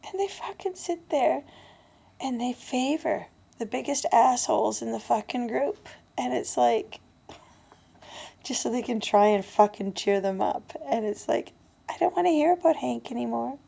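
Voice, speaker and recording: A woman of fifty talking candidly in a vlog, blunt and swearing, dropping to a hushed breathy voice and then getting loud. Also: a little high, unhurried. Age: 50s. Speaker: vlogger.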